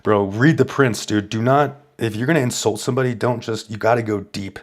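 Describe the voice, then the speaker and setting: A man's voice: mid-range voice, fairly quick. A man hosting a stream, telling a rambling, boastful story in crude, casual chat. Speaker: streamer host.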